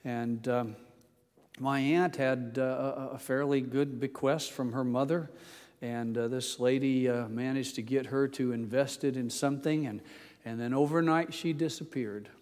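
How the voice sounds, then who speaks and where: An older male pastor giving a folksy sermon, reading scripture slowly and telling stories with many pauses and fillers. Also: mid-range voice, steady tone, darkish tone, big-room sound. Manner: slow, deliberate scripture reading.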